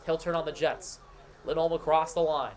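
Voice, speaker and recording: A man hosting a live stream, giving rapid running play-by-play of a hockey game and asking the chat for predictions. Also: fairly high pitch, steady tone, slight background noise. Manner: rapid, running call of each pass and shot, with asides to chat. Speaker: play-by-play commentator and stream host.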